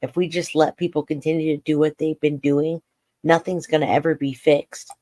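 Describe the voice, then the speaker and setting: A man's voice: a little high, level tone, normal speed, warm tone, no room sound. Choked-up man hosting a crime livestream. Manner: choked up, voice cracking, blunt. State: holding back tears. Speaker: true crime livestream host. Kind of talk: emotional live commentary on court footage.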